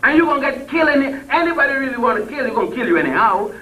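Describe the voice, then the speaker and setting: An older man giving an impassioned speech to a crowd, blunt and salty. He swings between loud peaks and low murmurs and chuckles as he tells stories. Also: very animated, rapid-fire. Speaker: public speaker. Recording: distant mic with faint background noise.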